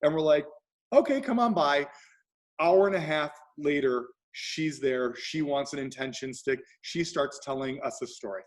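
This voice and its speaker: A man hosting a talk show, telling an animated story and acting out the people he quotes. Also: medium pitch, normal speed, few pauses. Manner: acts out quoted voices, shifts pace often. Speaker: show host.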